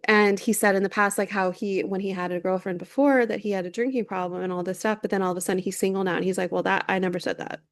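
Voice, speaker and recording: A woman's voice: medium pitch, fairly even intonation, fast talker, hardly any pauses, dry recording, studio quality. A woman in her thirties, a podcast co-host, chatting casually and recapping reality TV gossip with lots of filler words. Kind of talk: casual chat.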